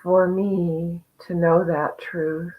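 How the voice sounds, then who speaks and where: A woman hosting a live online conversation, sharing a personal journey in an earnest, reflective, expressive way over a video call. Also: on the low side, very slow. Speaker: host. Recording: muffled lo-fi audio.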